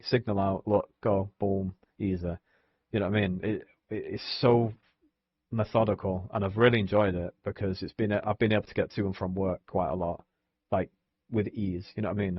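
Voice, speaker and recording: A man's voice: fairly low pitch, slightly rough, dry recording, lo-fi sound. A young man, rambling casually on a live stream, swearing often and filling gaps with "you know what I mean". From England.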